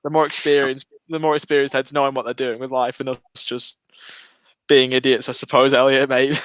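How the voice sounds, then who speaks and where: A man's voice: mid-range voice, level tone, a little fast, fairly bright tone, no room sound. A man co-hosting a casual football podcast, rambling and poking fun at himself. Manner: chatty, self-deprecating, rambling. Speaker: podcast co-host.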